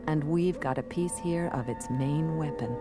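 A woman's voice: sits low, a little slow, loud music behind the voice. A woman reading the part of a guarded male informant in an audiobook. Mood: awed. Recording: noisy recording.

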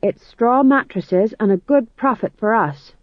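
A man's voice: high voice, measured pace, no echo, highs cut off, pitched above the performer's own voice. A man voicing a shrewd, money-minded young male actor in an audiobook reading. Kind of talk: audiobook narration.

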